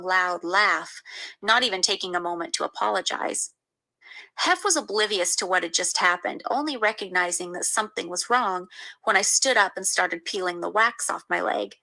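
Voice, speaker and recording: A woman's voice: medium pitch, gravelly, sharp tone, low-quality recording. A woman reading a first-person memoir aloud in an indignant storytelling manner. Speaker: memoir reader.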